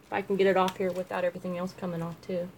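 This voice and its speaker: A woman's voice: lowish voice, flat delivery, racing, a little mellow, slight background noise. A woman making jewelry at home, chatting casually with viewers as she works and answering their questions. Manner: chatty, laughs easily, talks to viewers by name. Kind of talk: casual livestream chat while crafting. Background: dog barking.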